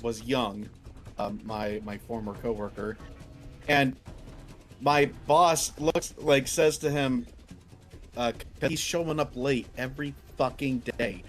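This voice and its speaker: A man's voice: medium pitch, takes it slowly. Laid-back man with faint music behind. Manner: laid-back, swearing storyteller, gets exasperated. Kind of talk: casual chat.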